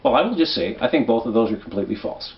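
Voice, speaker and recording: A man from Minnesota walks through an election guide in a relaxed, persuasive monologue, checking in with his listener now and then. His voice sits at a middle pitch, and the recording sounds dull and slightly lo-fi. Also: racing, slight background noise. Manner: conversational, persuasive, checks in with "right?". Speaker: political commentary host.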